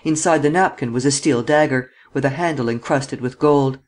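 A man narrating an audiobook of a detective novel in a measured storytelling manner. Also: medium pitch. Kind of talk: scripted narration.

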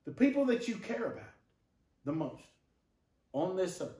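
High-voiced preacher in an echoing church. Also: male voice, sing-song, moderate pace, warm tone, far from the mic. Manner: rhetorical questions to the congregation. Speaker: pastor. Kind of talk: sermon. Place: church sanctuary.

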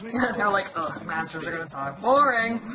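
A woman's voice: low voice, lively intonation, moderate pace, a crowd in the background, rough recording. A young woman giving casual, teasing commentary while playing a video game, laughing often. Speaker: gameplay commentator. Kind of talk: let's play commentary. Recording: home recording with clear background noise.

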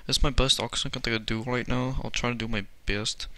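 A man's voice: mid-range voice, steady tone, a little fast, no echo, poor audio. A young man with a put-on German accent commentating a game casually, with frustrated outbursts. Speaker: gameplay commentator. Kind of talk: casual let's play commentary. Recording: loud background noise.

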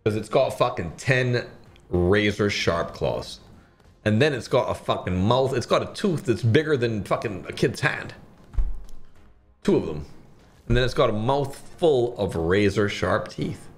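A young man from Barbados rambles through a slots stream in a low voice that swings widely in pitch. His talk is loose and profane, breaking into loud excited bursts. Faint music plays behind him. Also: measured pace. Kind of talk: casual streaming banter.

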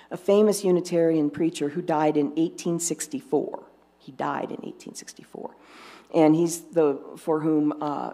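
Low-voiced woman telling church jokes. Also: warm tone. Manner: dry, unhurried joke-telling with restarts. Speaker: lay presenter. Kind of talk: sermon with jokes. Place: congregation fellowship service.

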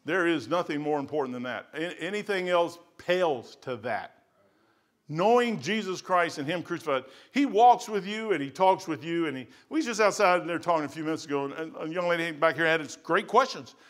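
Pastor, middle-aged man, sermon in a church; bright, forceful, slightly high voice, lurching between hushed and fervent. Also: lively intonation, a little fast. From United States. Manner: swings from quiet musing to loud fervent testimony. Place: church sanctuary.

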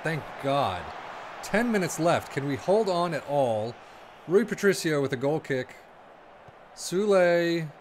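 A young man talks through a football management match, his voice bouncing between low muttered asides and sudden high yelps. He sits a little high in pitch, with a lively, swooping delivery. A steady hiss runs under the home recording. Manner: excitable, swings from mumbling asides to sudden yelps. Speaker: gaming video creator. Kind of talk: casual gameplay commentary.

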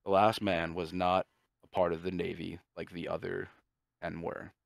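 A man co-hosting a podcast, casually pitching a movie plot in a rambling, profane way and briefly voicing the characters. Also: level tone, vocal fry, dry recording. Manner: profane, rambling, acts out characters' lines in quick asides. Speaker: podcast co-host.

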